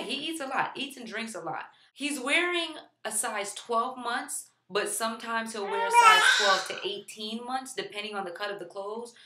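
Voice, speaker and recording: A woman's voice: mid-range voice, sharp tone, reverberant. A woman who is a mother and vlogger, chatting casually to camera in a playful way, using lots of fillers and sometimes turning to talk to her baby. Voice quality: chatty, filler-heavy delivery. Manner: playful, talks to the baby in between.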